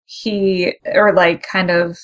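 A woman co-hosting a podcast, chatting casually, sarcastic and quick to laugh. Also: fairly low pitch, level tone. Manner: joking, sarcastic, laughs often. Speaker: podcast co-host. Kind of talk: casual chat.

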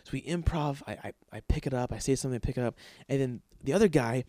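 A man hosts his show with a loose, rambling storytelling style, swearing freely and tripping over fillers as he acts out bits of dialogue. His voice sits at an ordinary middle pitch and is recorded close and dry, with no room sound around it. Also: quick pace, warm tone, no echo. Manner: profane, rambling, filler-heavy. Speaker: podcast host. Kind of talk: casual storytelling monologue.

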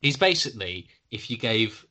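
A man's voice: medium pitch, very animated, normal speed, sharp tone. A man chatting wryly as a podcast co-host. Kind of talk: casual chat.

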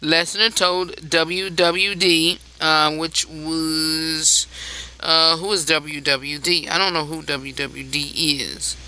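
A talk host with a very bright, crisp, smooth voice reads news stories in a loose, chatty way. The host keeps breaking off to talk straight to the listeners and sounds a bit tired throughout. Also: medium pitch, little pitch movement, slow, poor audio. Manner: reads headlines with chatty asides to listeners, laughs, restarts. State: tired, yawning. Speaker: host of a news and gossip segment. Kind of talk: casual chatty news reading.

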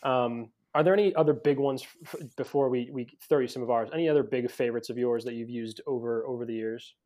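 A man's voice: mid-range voice, fast talker, darkish tone. An American man hosting an interview, hesitant with many fillers and restarts, chatting casually. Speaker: podcast host.

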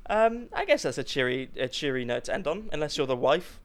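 A young man co-hosting a podcast in casual chat, animated and giggly, often restarting his sentences. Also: on the high side, brisk. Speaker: podcast co-host.

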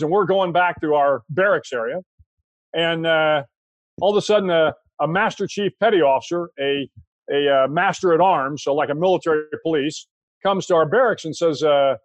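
An older American man, a guest in an interview, telling a long anecdote in a relaxed, conversational way with frequent restarts. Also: sits high, no echo. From United States. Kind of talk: storytelling anecdote.

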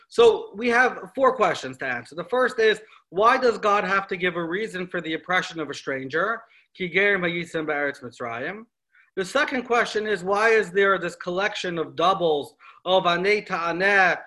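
A man giving a lecture on scripture, animated and telling stories, posing questions to his listeners. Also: sits high. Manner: animated storytelling with rhetorical questions. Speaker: Torah teacher.

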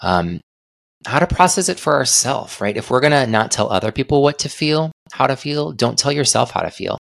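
A man's voice: medium pitch, lively intonation, normal speed, gravelly, fairly bright tone, no room sound, studio quality. A young adult man hosting a solo podcast, talking in an earnest, reflective way with frequent restarts. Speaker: podcast host.

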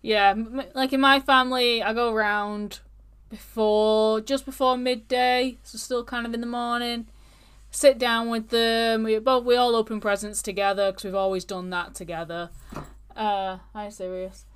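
A woman's voice: on the high side, little pitch movement, normal speed, fairly bright tone, clear, resonant tone. A woman co-hosting a podcast, chatting casually and rambling from one point to the next. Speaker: podcast co-host. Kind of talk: casual chat.

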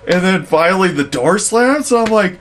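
A young adult man telling work stories in a casual chat, animated and laughing, acting out the voices of others. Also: high voice, moderate pace, slight background noise. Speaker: podcast co-host, storyteller.

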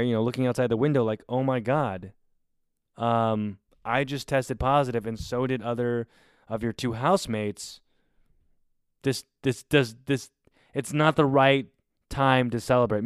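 A man in his twenties telling a story casually, in an animated and exasperated way with plenty of swearing. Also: mid-range voice, clean tone, no echo, clean studio sound. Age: 20s. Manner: animated, profane, exasperated retelling. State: recovering from covid.

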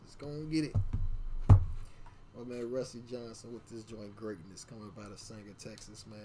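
A man's voice: lowish voice, fairly even intonation, normal speed, noisy background. A man hosting a music podcast in a casual, slangy, laughing way. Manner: laid-back slangy banter with laughs. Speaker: podcast host. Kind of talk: casual chat.

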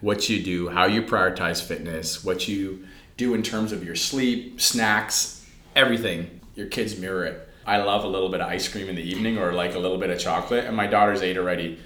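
A middle-aged man, a guest in an interview, speaks a little fast in a low voice, and the recording has a roomy echo. He chats casually, animatedly acting out family conversations as he recounts them.

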